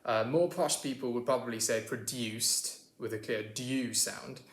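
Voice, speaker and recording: Relaxed southern English man, roomy sound. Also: medium pitch, measured pace. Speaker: guest explaining his accent. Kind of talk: casual accent lesson.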